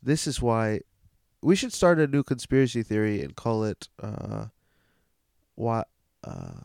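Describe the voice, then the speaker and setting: A man's voice: fairly low pitch, sing-song, a little slow, gravelly, darkish tone, clear, resonant tone, dry recording, studio quality. A man co-hosting a casual comedy podcast, telling rambling, jokey stories.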